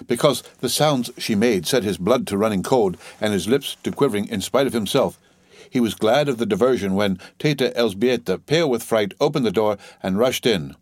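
A man narrating a novel as a steady, dramatic audiobook reading, lightly voicing the dialogue. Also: fairly low pitch, normal speed, no room sound.

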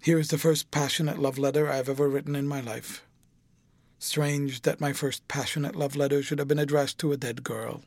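Brief: man reading as an emotional, self-absorbed young gentleman, slightly high voice, dry close sound. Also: flat delivery, a little fast, dry recording. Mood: brooding. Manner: emotional, dramatic delivery. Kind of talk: audiobook reading.

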